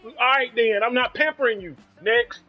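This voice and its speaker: A man with a Southern US accent, trash-talking on a live game stream in a loud, profane, heated rant. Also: very high-pitched, expressive, moderate pace, phone-quality sound, faint music behind. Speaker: streamer playing a football video game.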